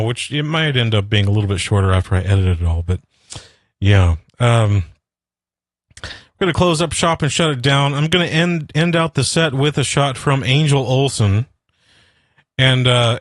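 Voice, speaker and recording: A man's voice: mid-range voice, dry recording. Man hosting his own radio show, rambling rant, dry close sound, mid voice. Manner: rambling, blunt and profane, laughs at himself. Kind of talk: casual solo radio rant and chat.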